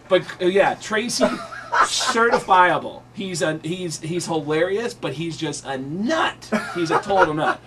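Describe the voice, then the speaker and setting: Comedian guest, a man in his thirties, a bit high-voiced, loose and chatty on radio. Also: expressive, unhurried, very noisy. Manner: chatty, breezy storyteller with frequent fillers. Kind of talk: telling stories in a radio interview.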